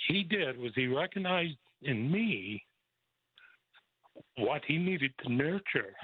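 A man's voice: on the high side, expressive, slow pace, husky, dry recording. A man as an interview guest, telling personal stories and chuckling often. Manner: warm storyteller who chuckles often. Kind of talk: personal storytelling. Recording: tinny phone-like line, dry.

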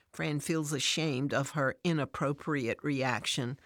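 A woman reading a devotional story aloud in a calm, measured way. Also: sits low, creaky, no room sound, studio quality. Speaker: narrator. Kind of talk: scripted devotional story narration.

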